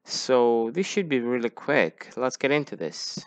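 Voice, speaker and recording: A man's voice: mid-range voice, big pitch swings, unhurried. A man hosting a casual reaction video, talking to viewers and breaking into outraged exclamations. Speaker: YouTube reaction host.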